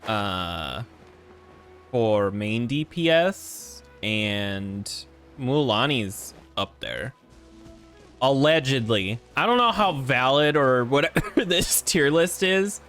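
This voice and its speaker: A man's voice: medium pitch, lively intonation, takes it slowly, fairly bright tone, faint music behind. A man streaming a video game who talks casually, swears freely and trips over hard names. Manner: rambling, profane, stumbles over names. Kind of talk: casual gameplay commentary.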